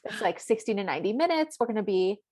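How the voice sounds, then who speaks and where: Woman, podcast co-host, casual astrology chat, rambling and filler-heavy, mid-range pitch. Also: expressive, quick pace, a little mellow. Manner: chatty, rambling, full of "like".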